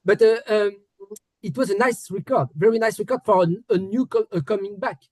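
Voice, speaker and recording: A man's voice: high-pitched, fairly quick, a little mellow, no room sound. A man from France with a French accent, interviewing a musician in English, his second language, with many hesitations and restarts. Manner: hesitant, restarts often, polite apologies.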